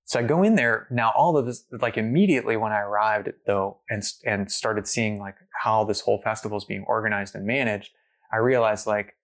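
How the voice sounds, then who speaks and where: Gravelly-voiced man telling a story. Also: lowish voice. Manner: animated storyteller, many fillers, acts out quotes. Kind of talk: casual storytelling conversation.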